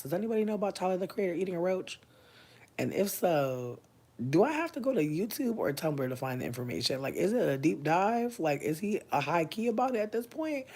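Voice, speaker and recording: A woman in her thirties chatting casually on a livestream, answering viewers' comments, loud, profane and often laughing. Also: very deep voice. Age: 30s. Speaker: livestream host.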